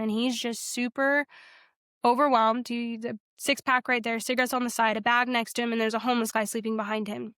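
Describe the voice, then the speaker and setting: Lively young woman telling her faith story. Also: fairly high pitch, smooth, no room sound, clean studio sound. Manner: animated, quotes herself and others in dialogue, frequent "like". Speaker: podcast guest sharing her testimony. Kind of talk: casual storytelling.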